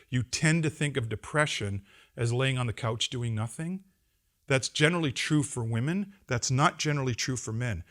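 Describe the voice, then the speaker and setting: A middle-aged man, a pastor giving a conference address to seminary students, animated and wry, swinging between loud emphasis and quiet asides. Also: mid-range voice. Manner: wry humor and acted-out quotes. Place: seminary campus lecture.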